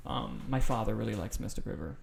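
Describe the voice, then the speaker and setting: A man's voice: lowish voice, expressive, fast talker, gravelly, a little hiss or hum. A man co-hosting a movie podcast, talking in a loose, enthusiastic way with plenty of swearing and fillers. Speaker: podcast co-host. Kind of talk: casual chat.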